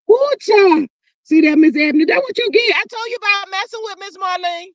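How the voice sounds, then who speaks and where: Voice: extremely high pitch, no echo, dull audio. A performer playing a sassy gossiping woman persona, reading viewer comments on a livestream and calling everyone honey and child. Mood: gloating. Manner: dramatic, playfully threatening. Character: sassy gossiping woman persona, Miss Marlene, quick to clap back. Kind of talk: live chat.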